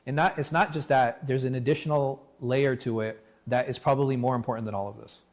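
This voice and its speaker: A man leading a religious class discussion as imam, animated and full of rhetorical questions, often restarting his words. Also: medium pitch, a little fast. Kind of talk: interactive religious class talk. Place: mosque class room.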